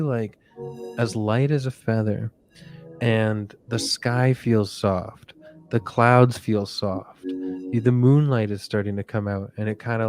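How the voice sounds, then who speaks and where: A male comedian hosting a live show, rambling through a mock guided relaxation in a soft, drifting voice. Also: lowish voice. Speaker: comedian and podcast host.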